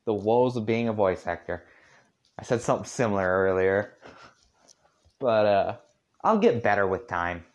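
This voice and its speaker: A man reading a story aloud as an amateur voice actor. He talks haltingly, with fillers, and breaks off to comment on his own reading. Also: on the low side, animated.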